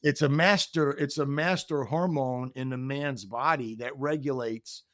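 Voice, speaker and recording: Speaking at a measured pace in a medium-pitched voice, a middle-aged podcast guest shares a candid personal story. He is earnest and reflective, acting out the dialogue of the people involved, and the recording is dry.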